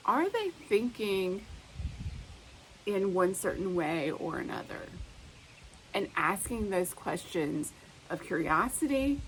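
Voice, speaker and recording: Calm woman hosting a self-help talk. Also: mid-range voice, slow, pauses often, a little hiss or hum, low-quality recording. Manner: calm, reflective, coaching. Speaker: host.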